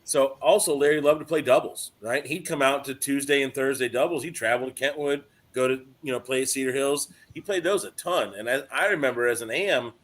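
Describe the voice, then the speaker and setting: A man's voice: mid-range voice, brisk, few pauses, a bit bright. A man reminiscing in casual conversation, thinking aloud as he goes. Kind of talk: casual chat.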